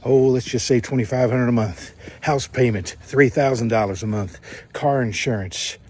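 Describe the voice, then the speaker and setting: A man's voice: mid-range voice, moderate pace, darkish tone, no room sound, clean studio sound. A man lecturing about household costs, counting them out.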